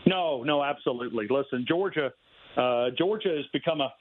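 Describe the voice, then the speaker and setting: A man's voice: medium pitch, normal speed. A man talking sports as a guest over the phone, emphatic and rambling, with many restarts. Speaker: radio host guest. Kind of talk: sports radio phone interview. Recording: tinny phone line.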